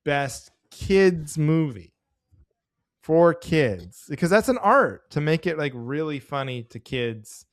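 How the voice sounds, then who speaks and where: A man's voice: on the high side, sing-song, slow, dry recording, clean studio sound. A man co-hosting a podcast in loose, joking casual chat, with lots of fillers. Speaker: podcast co-host.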